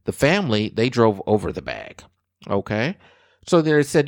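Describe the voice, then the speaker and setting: A man in his forties hosting a casual show, reading odd news stories and bantering in an animated, exclaiming way. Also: medium pitch, moderate pace, creaky, no room sound, studio quality. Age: 40s. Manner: animated, exclaiming, addressing viewers as guys. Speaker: show host.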